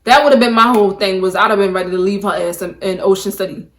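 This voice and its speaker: A woman's voice: mid-range voice, steady tone, fast talker. Emphatic young woman vlogger telling a story. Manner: emphatic, peppers talk with "like". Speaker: beauty vlogger. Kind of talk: casual storytime monologue. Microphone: camera mic, talking to camera.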